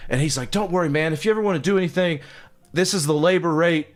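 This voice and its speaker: A man's voice: fairly high pitch, fast talker. A man telling a long, profane story in casual conversation, laughing as he acts out what people said. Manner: animated, profane, laughing storyteller acting out quotes.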